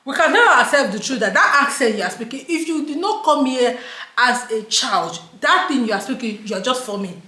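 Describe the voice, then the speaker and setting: Nigerian woman vlogger, fairly high voice, chatty rant peppered with pidgin, echoey home room. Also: expressive, moderate pace, pushed and bright. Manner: chatty, mixes in pidgin, laughs while ranting. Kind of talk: casual storytelling to camera. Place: indoors at home, daylight.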